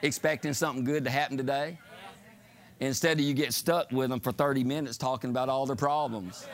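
Steady in tone and brisk, a medium-pitched man delivers a fervent sermon that rises to shouted climaxes. Between points he calls on the congregation for amens in call-and-response asides.

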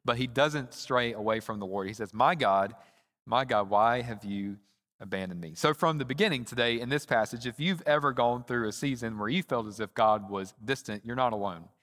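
A man's voice: medium pitch, fairly bright tone. Earnest male preacher in a reverberant hall. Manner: earnest, slows down to stress key phrases. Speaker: pastor. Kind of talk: sermon. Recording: long reverb of a large hall.

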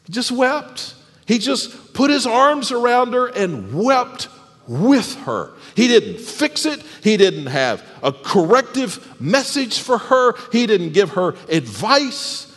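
A man preaching a sermon as pastor, animated, often dropping soft and low for emphasis. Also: slow pace. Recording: long hall reverb.

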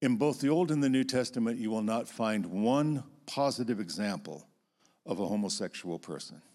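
A man giving a Bible teaching talk to a class, measured and emphatic, dropping his voice low on key points. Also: expressive, darkish tone.

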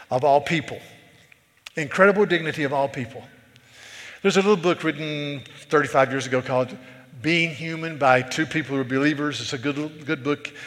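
A man preaching a sermon as pastor, shifting from conversational asides to forceful emphasis. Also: fairly high pitch. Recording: reverberant hall.

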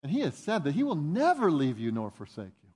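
A pastor's brisk, animated sermon carries a breathy edge; he jumps up in pitch for the disciples' complaints and drops soft during reflective passages.

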